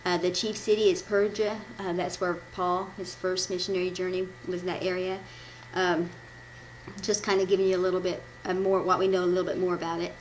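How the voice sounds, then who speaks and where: A woman's voice: on the low side, level tone, fairly quick, slight background noise, low-quality recording. Rambling self-correcting woman giving a devotion. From Midwestern United States. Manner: rambling, self-correcting, laughs at her own slips. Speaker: devotional speaker. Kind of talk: informal church devotion, reading notes.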